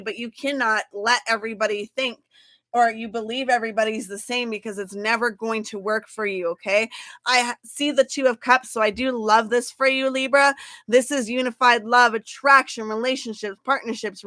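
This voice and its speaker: A woman's voice: a little high, sharp tone, no echo. A woman giving a casual tarot reading, chatty and blunt, who keeps checking in with her listeners and swears freely. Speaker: tarot reader.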